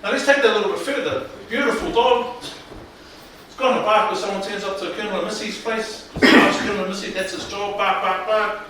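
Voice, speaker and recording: New male workshop presenter, slightly high voice, chatty and animated, distant mic in an echoing room with faint hiss. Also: fairly quick. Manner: animated, colloquial, asks the audience questions. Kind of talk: mental health workshop talk. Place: room with live audience.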